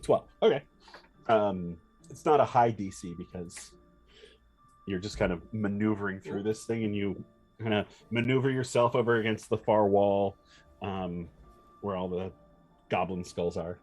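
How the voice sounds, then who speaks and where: A man runs a tabletop game, describing scenes in a fairly low voice. He hesitates a lot, with fillers and restarts. Faint music plays behind him. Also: measured pace, a little mellow. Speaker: game master.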